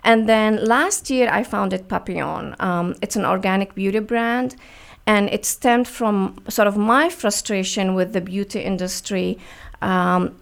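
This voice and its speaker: A woman's voice: mid-range voice, unhurried, gravelly. A woman from the Middle East, a business founder talking earnestly as a radio guest, with many fillers and restarts. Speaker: guest, beauty brand founder. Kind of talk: radio interview.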